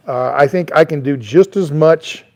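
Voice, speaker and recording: A middle-aged man, a travel vlogger, rambles casually on his porch outdoors, full of fillers and restarts. His voice is on the high side, with a darkish tone and a moderate pace.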